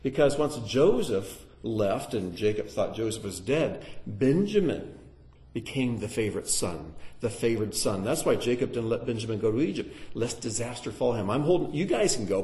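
A man teaching a Bible lesson to a live audience in sermon style, putting questions to the listeners. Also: mid-range voice. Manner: animated, asks the audience questions. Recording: echoey room.

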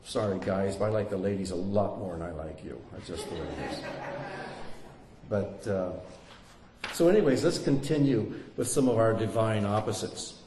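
A man preaching a sermon in an animated way, with joking asides and swings between loud and hushed delivery. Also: lowish voice, moderate pace, echoey room, noisy background.

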